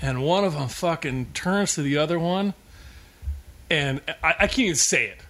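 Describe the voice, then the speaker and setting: A man's voice: on the high side, moderate pace. A middle-aged man telling stories in casual chat, profane and laughing often. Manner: profane, animated, laughing storyteller. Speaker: podcast co-host.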